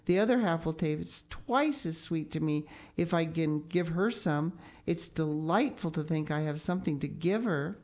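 A woman's voice: sits low, lively intonation, normal speed, a little mellow. A gushing, wide-eyed orphan girl who tumbles over her words, as a woman reading the book puts her on. She sounds breathless and dreamy, a chatterbox in a storybook reading. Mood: eager.

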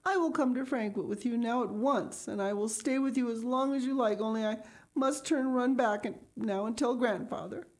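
A woman's voice: mid-range voice, expressive, normal speed, dark tone, pitched above the performer's own voice, lightly acted. A woman voicing an earnest, tender little girl in a storybook reading. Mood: pleading.

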